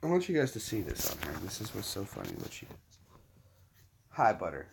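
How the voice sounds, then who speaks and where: A man hosting a casual live chat, often cooing soft baby talk to his dogs. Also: on the low side, huge pitch swings, a little fast, creaky, slight background noise. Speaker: channel host.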